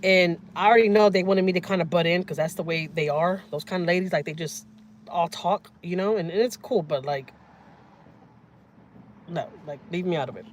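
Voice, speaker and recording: A woman, telling stories on a casual livestream in a blunt, profane, animated way. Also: fairly low pitch, moderate pace, a little hiss or hum. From Houston, Texas. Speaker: family vlogger. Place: in a truck with windows down. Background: vehicle and outdoor ambience.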